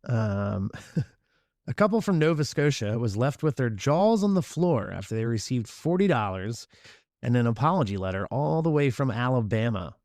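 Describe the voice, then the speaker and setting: A man hosting a podcast, talking in a reflective, unhurried way with frequent fillers and restarts. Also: medium pitch, big pitch swings, a little mellow, no echo, studio quality. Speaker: podcast host. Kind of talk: casual podcast monologue.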